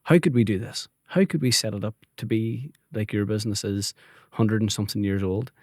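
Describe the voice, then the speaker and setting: A man's voice: fairly low pitch, normal speed, darkish tone, no room sound, clean studio sound. A Northern Irish man, a business owner, telling stories in a friendly, conversational interview. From Northern Ireland. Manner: friendly storytelling, laughs easily. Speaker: guest, family business owner.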